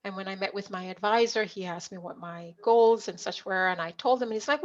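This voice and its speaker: A woman's voice: medium pitch, fairly quick, hardly any pauses. A middle-aged woman from Jamaica, a leadership coach, telling stories from her life as an interview guest and acting out remembered dialogue. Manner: animated storyteller, acts out remembered dialogue. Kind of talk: conversational storytelling interview. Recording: dull lo-fi audio.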